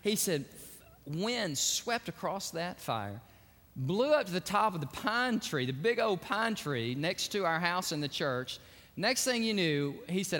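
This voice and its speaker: Male pastor, folksy sermon storyteller, high bright voice, echoey sanctuary. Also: big pitch swings. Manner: folksy storytelling, quick to laugh. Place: church sanctuary.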